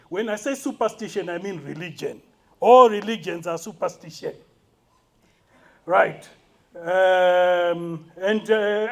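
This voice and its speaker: A man addresses a conference audience in a fairly high voice. He argues bluntly and provocatively, firing off pointed questions. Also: creaky, a little mellow. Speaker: conference speaker. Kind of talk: public talk. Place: university conference hall.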